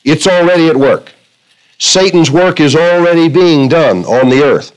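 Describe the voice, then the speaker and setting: A man preaching from the pulpit, his voice a touch higher than most men's. He tells stories, then slows to read scripture, stretching the key words for emphasis. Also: animated, rough recording. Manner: preaching with illustrations, quoting scripture, varying pace. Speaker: pastor. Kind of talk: sermon.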